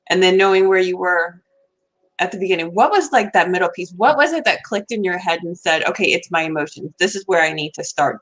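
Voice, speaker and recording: Woman, interview host, fairly low voice, affirming, long thoughtful questions. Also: fairly bright tone. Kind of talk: conversational interview.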